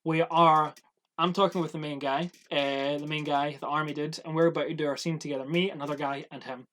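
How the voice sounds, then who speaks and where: A man's voice: a little high, a little fast. A young man, casually telling work stories on a podcast, acting out quotes and swearing freely. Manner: animated storyteller, acts out quotes, swears. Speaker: podcast co-host. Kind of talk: casual chat, storytelling.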